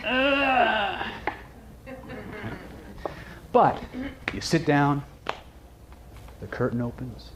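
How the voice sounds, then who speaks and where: A man's voice: medium pitch, a little hiss or hum. A man giving a live seminar talk, joking with and quizzing the audience. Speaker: seminar presenter, hypnosis trainer.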